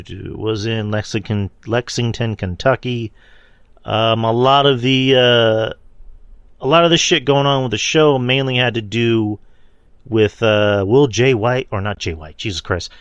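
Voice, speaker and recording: A man's voice: mid-range voice, unhurried, a bit bright, smooth, no echo, highs cut off. A man hosting a podcast, casually recapping wrestling shows in a loose, rambling way, swearing and laughing at his own slips. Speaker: podcast host.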